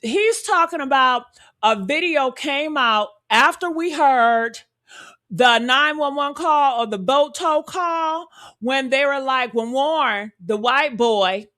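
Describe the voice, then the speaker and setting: High-voiced fired-up woman commentator. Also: lively intonation, measured pace, a bit bright. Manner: blunt, fired-up, rhetorical questions. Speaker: commentary show host. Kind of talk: heated reaction commentary.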